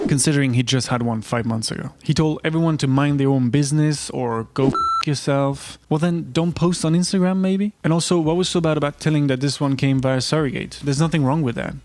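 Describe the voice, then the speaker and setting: A man giving vlog commentary in a wry, incredulous way, with quick asides. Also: mid-range voice, darkish tone, a little hiss or hum. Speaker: online commentator.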